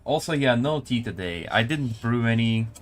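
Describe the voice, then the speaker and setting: Lively casual man hosting a game stream. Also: mid-range voice, moderate pace. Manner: casual, answers chat while spectating a match. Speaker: community manager. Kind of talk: live stream commentary and chat replies.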